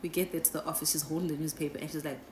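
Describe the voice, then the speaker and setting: Low-voiced woman telling a storytime. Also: rapid-fire. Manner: animated, chatty, peppered with "right?" and "guys". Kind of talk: casual storytime. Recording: echoey room with faint noise.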